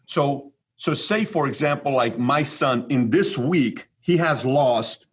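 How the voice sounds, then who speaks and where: Husky-voiced man from Iran. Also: mid-range voice, takes it slowly. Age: 40s. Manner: animated, repetitive storyteller. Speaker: guest. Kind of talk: storytelling interview talk.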